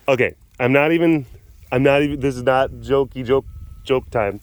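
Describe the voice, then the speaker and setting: A man's voice: mid-range voice, normal speed, clear, resonant tone. A man hosting a casual vlog, chatting playfully to big cats and cooing at them in baby-talk. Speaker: big cat facility keeper and show host. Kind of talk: casual chat to animals.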